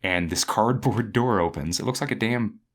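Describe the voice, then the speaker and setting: A man's voice: lowish voice, moderate pace, slight background noise. A man as a podcast guest, telling a story casually and acting out the people in it. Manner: animated, acts out the people in his stories.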